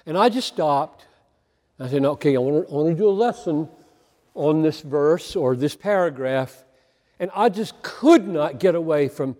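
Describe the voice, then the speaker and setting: A man preaching a sermon on a Bible passage, earnest and emphatic, with deliberate pauses between phrases. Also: fairly high pitch, animated, dark tone. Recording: long hall reverb.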